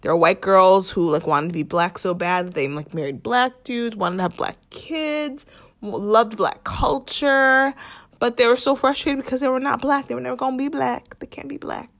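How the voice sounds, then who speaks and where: A woman's voice: a little high, normal speed, fairly bright tone. A young woman hosting a casual commentary podcast, chatty and sarcastic, full of "like" and mock quotes of others. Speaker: podcast host.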